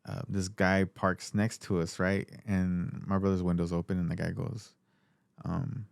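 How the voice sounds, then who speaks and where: A man with a somewhat low voice hosts a casual podcast chat and spins long, profane stories about his family, breaking into laughter along the way. The sound is close and dry, with no room around it. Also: flat delivery, measured pace, creaky, smooth, dry recording. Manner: profane, rambling anecdotes with frequent laughter. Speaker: podcast host.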